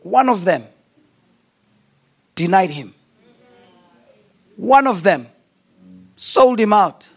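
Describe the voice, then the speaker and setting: A man preaching a sermon in an impassioned, sing-song cadence, swinging between shouts and hushed tones. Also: high voice, very animated, very slow, pauses often.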